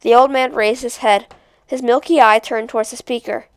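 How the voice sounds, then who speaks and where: Woman reader, steady storytelling, fairly high pitch, smooth clear tone, dry close sound. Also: normal speed, no room sound. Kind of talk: reading a novel aloud.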